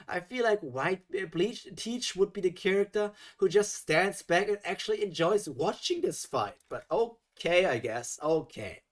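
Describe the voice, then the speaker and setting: A man's voice: high-pitched, a little slow, hardly any pauses. A man reading a fan story aloud on a live stream, breaking off into exasperated reactions. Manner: animated, exasperated asides.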